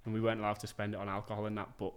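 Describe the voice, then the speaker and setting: A man's voice: fairly low pitch, completely flat delivery, very fast. A man, telling stories as a podcast guest in a laid-back, sweary way. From England. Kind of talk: casual chat.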